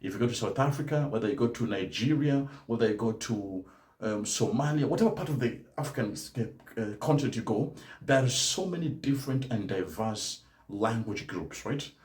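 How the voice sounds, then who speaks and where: A man's voice: medium pitch, lively intonation, normal speed, darkish tone, reverberant. A man teaching German learners in a live-stream talk, speaking emphatically and often adding "right?" to his points. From Kenya. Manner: emphatic, tags statements with "right?".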